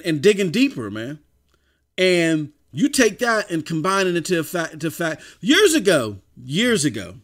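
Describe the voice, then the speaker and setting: High-voiced man ranting on a livestream. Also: fairly bright tone. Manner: emphatic and preachy, stumbling restarts. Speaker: livestream host. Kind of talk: casual off-the-cuff streaming chat.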